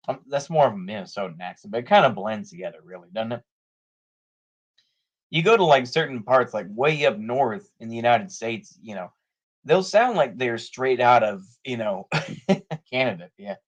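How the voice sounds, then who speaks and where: A man's voice: medium pitch, expressive, normal speed, muffled recording. A man talking casually in rambling political commentary, full of "you know" fillers and frequent laughs.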